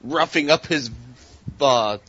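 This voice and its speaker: A man talking casually about a movie, halting, with many fillers, laughing easily. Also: fairly high pitch, fairly bright tone, slightly rough. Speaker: podcast co-host. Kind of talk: casual movie review chat. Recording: dry, dull lo-fi sound.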